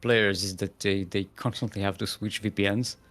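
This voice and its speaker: A man casting a live strategy game, jokey and punny, often pausing with "uh". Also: on the low side, fairly even intonation, fairly bright tone. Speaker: esports caster.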